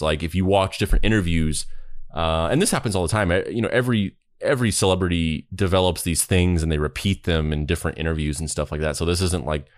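A man's voice: low voice, no echo, clean studio sound. A man hosting a podcast in casual chat, rambling with many restarts. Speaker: podcast host.

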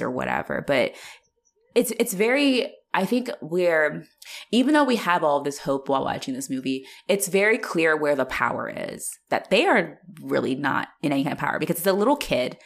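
Low-voiced woman chatting about a film. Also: normal speed, vocal fry. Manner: chatty, frequent "like" fillers, animated retelling. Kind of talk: casual film discussion.

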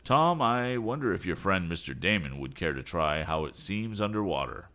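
A man's voice: low-pitched, expressive, normal speed, pushed and bright, heavily acted. A man reading as a tired aged inventor.

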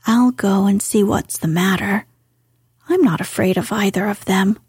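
A woman voicing a frank, spirited young woman in a soft, slow whispered role-play reading. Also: mid-range voice, husky, no room sound, studio quality. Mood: coaxing.

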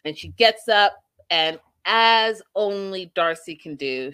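A young woman hosting a casual live stream, recapping a reality show in a bubbly, giggly, animated way. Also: medium pitch, slow pace, clean tone.

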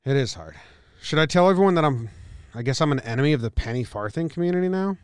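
A man's voice: on the high side, lively intonation, fast, clean tone, dry recording, studio quality. A man hosting a podcast, chatting in a laid-back, rambling way and laughing often. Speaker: podcast host. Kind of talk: casual chat. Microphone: studio mic.

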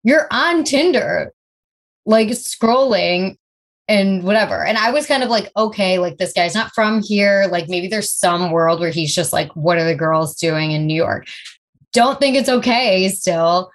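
Woman co-host, chatty gossip storyteller, lowish pitch. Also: moderate pace. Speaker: podcast co-host. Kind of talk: casual chat.

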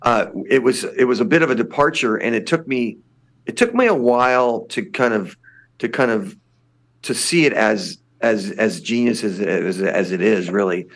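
Gravelly older man, rambling chat. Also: on the low side, expressive, normal speed. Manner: rambling, many restarts and fillers. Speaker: lead singer of a punk band, podcast guest. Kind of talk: casual interview chat.

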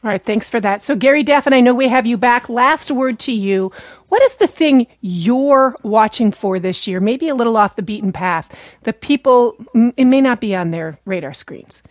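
A woman hosting a public radio talk show from home, her voice scratchy from a recent illness, conversational and brisk as she introduces guests and questions. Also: on the high side, expressive, no echo, clean studio sound. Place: home studio.

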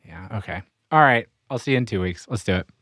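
A man co-hosting a podcast in casual chat, self-deprecating and halting, with frequent restarts. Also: fairly low pitch, animated. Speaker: podcast co-host.

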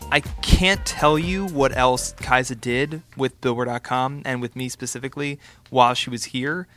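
A man's voice: mid-range voice, fairly even intonation, normal speed, a bit bright. A man hosting a music podcast from a studio, speaking in an upbeat, enthusiastic way. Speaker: podcast host.

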